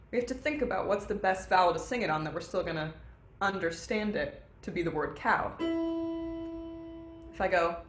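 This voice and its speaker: A young woman voice teacher giving an online singing lesson, explaining technique in an upbeat way and singing short warm-up demos. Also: fairly low pitch, reverberant. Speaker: voice instructor.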